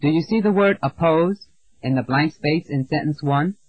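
A man with a slightly high, husky voice teaches an English lesson in a measured, deliberate way. He reads out words and sentences slowly and clearly for learners to repeat. The sound is dry and a little dull, like an old lo-fi lesson tape. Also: no echo. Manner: slow, clear, deliberate drilling with pauses. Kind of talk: scripted language lesson narration.

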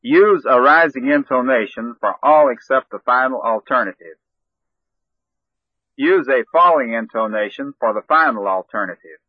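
Man reading a slow pronunciation drill. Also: mid-range voice, no echo, highs cut off. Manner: slow, careful model sentences with marked intonation. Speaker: language teacher.

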